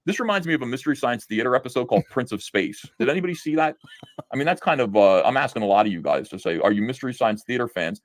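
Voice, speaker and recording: A man's voice: mid-range voice, dry recording. Sarcastic man mocking a comic. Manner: sarcastic, incredulous, laughs at the text. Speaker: comic book reviewer. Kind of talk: mocking read-through review.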